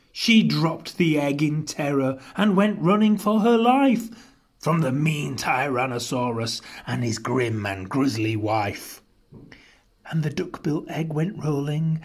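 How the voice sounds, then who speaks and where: Male storyteller, slow rhythmic read-aloud, lively pitch, breathy tone. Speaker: podcast host and storyteller. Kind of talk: storybook narration.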